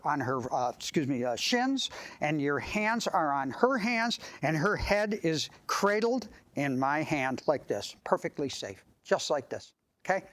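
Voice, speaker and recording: A man, a dentist, giving a live clinical lecture and demonstration, acting out scenes with sudden excited voices. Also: poor audio. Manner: animated, acts out scenes and jumps into high excited voices. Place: clinic meeting room with live audience.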